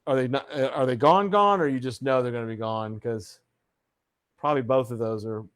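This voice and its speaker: A man's voice: mid-range voice, a little fast, clean tone. Casual livestream host, man, playful announcer flourishes, reads chat aloud. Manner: playful showman greetings, reads viewer comments aloud. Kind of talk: casual live chat show.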